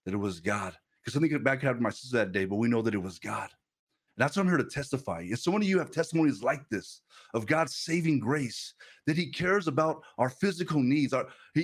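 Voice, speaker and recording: A man preaching a sermon as pastor, talking conversationally with lots of repeated words and restarts, and telling personal stories with a laugh here and there. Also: fairly high pitch.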